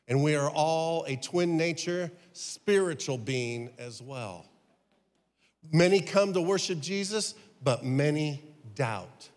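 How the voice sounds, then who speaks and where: A man's voice: a little high, long reverb tail. A pastor in his fifties preaching a sermon, emphatic, with many rhetorical questions. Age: 50s.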